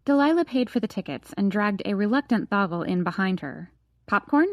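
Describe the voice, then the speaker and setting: A woman reading a young adult novel aloud at a middle pitch. The sound is close and dry, with no room around it, and she tells the story in an even, steady way. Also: a little fast, no echo. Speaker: audiobook narrator. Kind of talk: scripted narration.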